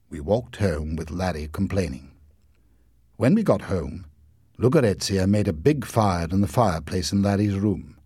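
Husky man reading a story aloud. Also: low voice, a little slow, no echo, studio quality. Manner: expressive, lively storytelling. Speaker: narrator.

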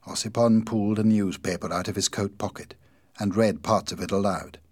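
A man narrating a story in a steady, plain reading voice. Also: fairly low pitch, moderate pace, no echo, clean studio sound.

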